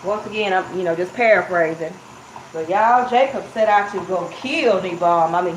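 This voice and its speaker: A woman preaching an informal sermon, telling a Bible story in a chatty, conversational way and calling her listeners y'all. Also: medium pitch. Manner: conversational, addresses listeners as y'all, acts out quotes. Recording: muffled, roomy, faint hiss.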